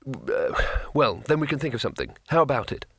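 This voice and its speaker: A man's voice: medium pitch, sing-song, brisk, slightly rough, no echo. A man voicing a nervous, irritable male wizard in an audiobook, urgent and snappish.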